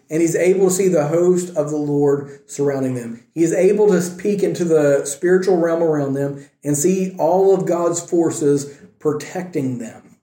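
A man's voice: fairly high pitch, moderate pace, mellow, echoey room. A man teaching a casual Bible lesson, retelling a scripture story in a conversational way with wry asides.

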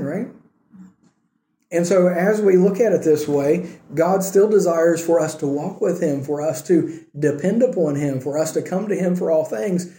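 A man's voice: high-pitched, mellow. A pastor preaching a sermon in a conversational way, often asking his listeners rhetorical questions. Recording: roomy echo.

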